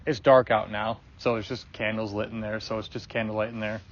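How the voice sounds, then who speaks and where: A man's voice: lowish voice, flat delivery, brisk, a little hiss or hum. A man telling a personal story in casual talk, loose and rambling, with many fillers and restarts and plenty of swearing. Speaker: guest sharing a personal story. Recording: dull lo-fi recording.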